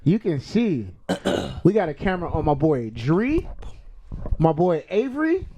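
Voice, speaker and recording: Young male rapper co-host with a high voice, lively, echoing his own phrases for emphasis. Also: a little slow, a little hiss or hum. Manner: animated, repeats short phrases. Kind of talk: casual podcast chat.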